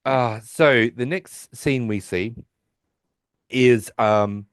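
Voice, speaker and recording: A man's voice: mid-range voice, drawn-out words, clear, resonant tone, no room sound, studio quality. A man hosting a podcast, casually retelling a TV episode in a rambling way with many restarts. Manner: rambling, with restarts and quoted voices. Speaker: podcast host.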